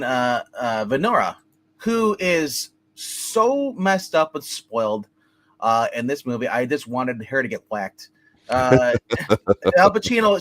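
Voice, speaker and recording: A man's voice: mid-range voice, a bit bright. Rambling man retelling a movie. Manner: rambling, filler-heavy retelling, acting out characters' lines. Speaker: movie reviewer. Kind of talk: casual podcast movie review.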